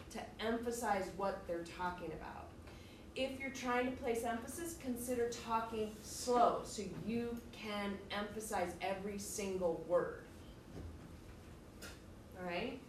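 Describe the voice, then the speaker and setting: A woman's voice: a little high, slight background noise. A woman teacher giving a direct, emphatic classroom lecture, explaining things to her students step by step. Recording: echoey room, faint ambience.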